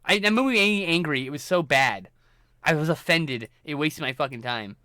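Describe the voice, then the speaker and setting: A man's voice: a little high, lively intonation, moderate pace, pushed and bright, smooth, no echo, studio quality. A man streaming live, ranting casually and profanely about movies while working through his film collection. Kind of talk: casual livestream rant.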